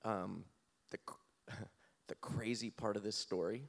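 A man as an interview guest, telling a personal story in an animated way, laughing and acting out his own lines. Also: lowish voice, takes it slowly, creaky.

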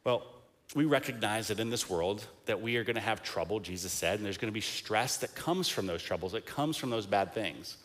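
A man's voice: on the low side, lively intonation, a little fast, a bit bright. Casual joking male preacher. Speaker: pastor. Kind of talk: sermon.

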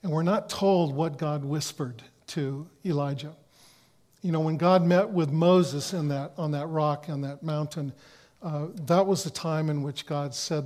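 Earnest preacher, a man with a high voice. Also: steady tone, unhurried. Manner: earnest, with frequent restarts, dropping to a hush for quoted words. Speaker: pastor. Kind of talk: sermon.

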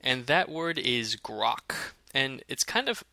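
Bright-voiced man chatting casually. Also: mid-range voice, sing-song, slow, gravelly, no echo. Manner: chatty, hesitant, many fillers and restarts. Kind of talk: casual chat.

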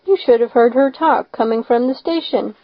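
A woman voicing a shy, gentle old farmer man who speaks slowly and haltingly. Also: on the high side, dry recording, lightly acted. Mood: hesitant. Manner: slow, halting, reluctant. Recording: slightly dull lo-fi recording.

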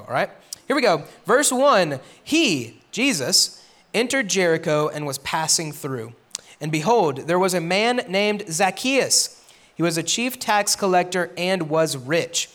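A man with a notably high speaking voice leads a relaxed youth Bible lesson. He talks conversationally, keeps tagging his points with "right?", and breaks off his scripture reading to add his own asides. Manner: conversational, checks in with frequent "right?"; reads scripture aloud with asides. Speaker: youth pastor teaching middle schoolers.

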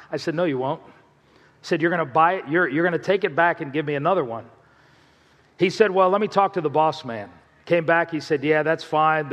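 A man's voice: fairly high pitch, fairly bright tone, in a large hall. A male pastor preaching a sermon, telling stories in a conversational way and asking the congregation questions.

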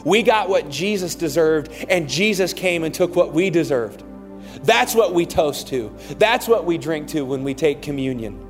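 A man's voice: fairly high pitch, lively intonation, moderate pace, soft background music. A man preaching a sermon as pastor, reading scripture aloud with fervent, rising intensity in a large church auditorium. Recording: long hall reverb.

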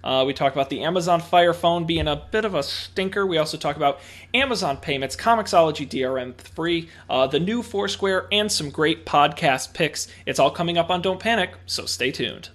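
High-pitched upbeat male podcast host. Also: lively intonation, fairly bright tone. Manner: upbeat, brisk, jokey. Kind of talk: podcast intro and casual chat.

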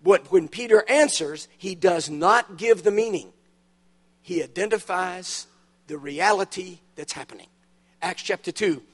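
Man, preacher, high-pitched voice, sermon in church, storytelling, emphatic punchlines. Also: normal speed. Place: church auditorium.

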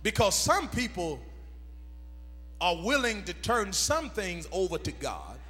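A pastor preaching a sermon to his congregation, swelling into a shouted, half-sung cadence. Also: sing-song, slow pace, big-room sound. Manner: builds from low murmurs to shouted, half-sung whooping cadence. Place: church sanctuary.

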